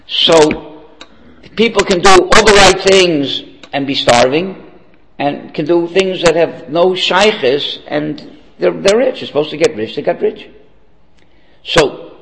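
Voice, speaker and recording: With a slightly high, creaky, somewhat bright voice, a man teaches a Torah lesson in a space with a long reverb tail, and the recording is rough. He keeps it conversational, tossing out rhetorical "okay?"s and telling a story and jokes along the way.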